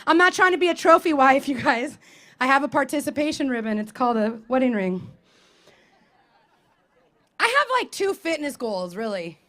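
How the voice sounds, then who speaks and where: High-voiced woman doing outdoor stand-up. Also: animated, normal speed, pauses often, a bit bright. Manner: self-deprecating, punchy delivery with laughs. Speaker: stand-up comedian. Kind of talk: stand-up comedy set. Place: outdoor festival stage.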